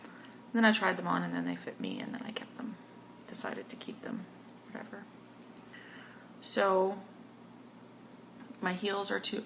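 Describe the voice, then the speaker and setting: Woman, knitting podcast host, rambling chatty tone, gravelly fry, faint hiss behind. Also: mid-range voice, fairly bright tone. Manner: chatty, rambling, self-correcting. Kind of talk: casual show-and-tell chat.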